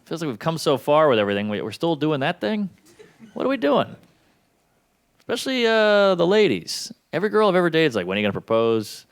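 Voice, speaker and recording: A man performing a stand-up comedy set, delivering wry, deadpan punchlines to a live audience. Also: a little high, a little fast.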